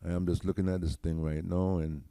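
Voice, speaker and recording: Jamaican guy, really low mellow voice, dry close sound, chatty loose demo talk. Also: level tone, a little fast, clear, resonant tone, no room sound. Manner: chatty, loose, repeats "right?" often. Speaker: tech founder demoing his AI site. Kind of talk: casual screen-share demo.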